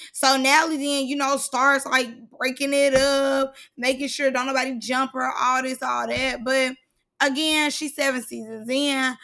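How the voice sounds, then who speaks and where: A woman's voice: sits high, sharp tone. A woman vlogger recapping a reality show in casual, blunt, slangy commentary.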